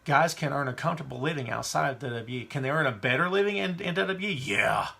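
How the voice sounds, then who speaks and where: Man, podcast host, gravelly voice, chatty and opinionated. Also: on the high side, expressive, quick pace, bright, forceful tone. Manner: chatty, opinionated, reads live chat questions. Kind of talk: casual wrestling podcast chat.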